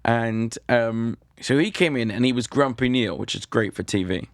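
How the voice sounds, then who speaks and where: British male comedian guest, gravelly voice, dry close sound, deadpan storyteller. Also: medium pitch, moderate pace, no echo. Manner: dry, self-deprecating storyteller. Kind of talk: casual anecdote telling.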